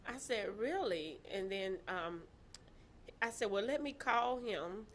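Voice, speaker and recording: A woman telling her own story in casual chat, animated and laughing, acting out the voices of people she quotes. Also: mid-range voice, slow, a little hiss or hum.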